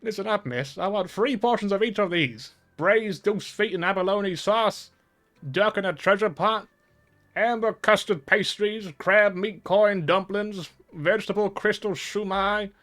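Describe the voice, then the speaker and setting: A man voicing a loud, brash male chef with an odd put-on accent, booming out drawn-out orders. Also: lively intonation, faint music behind. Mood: boisterous.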